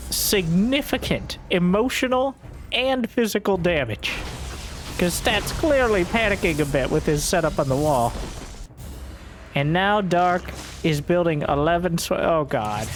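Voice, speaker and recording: A man casting a strategy game match solo, joking along and bursting into high-pitched exclamations. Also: animated, takes it slowly, long pauses, faint music behind. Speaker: esports caster. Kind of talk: solo play-by-play commentary.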